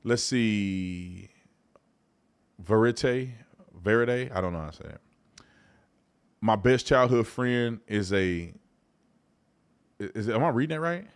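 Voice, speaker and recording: Animated, colloquial man hosting a live show. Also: unhurried, long pauses, clean tone. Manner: animated, swings from loud outbursts to low mutters; colloquial, repeats himself. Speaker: host. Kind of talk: casual live-stream commentary.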